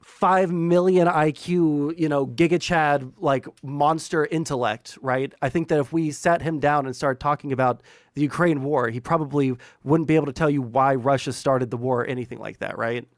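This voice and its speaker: A man's voice: a little high, steady tone, moderate pace, no room sound, studio quality. A man streaming, talking politics in a casual, profane, rambling way full of filler words.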